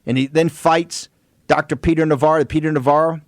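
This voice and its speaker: A man hosting a political talk radio show, forceful and quick to cut in on his guests. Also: on the high side, steady tone, dry recording, studio quality. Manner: forceful, interrupts guests, rapid asides. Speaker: host.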